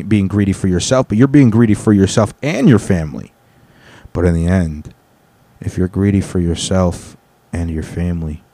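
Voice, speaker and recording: A man's voice: low-pitched, mellow, no room sound. A man hosting a solo podcast from his apartment, ranting casually in a rambling, profane way and cutting himself off mid-sentence. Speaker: podcast host. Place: home apartment.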